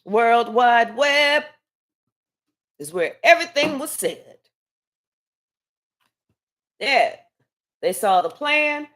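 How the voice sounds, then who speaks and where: A woman's voice: a little high, lively intonation, very slow, long pauses, fairly bright tone. A woman giving a casual live tarot reading, talking in a rambling, chatty way and swearing freely. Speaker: tarot reader.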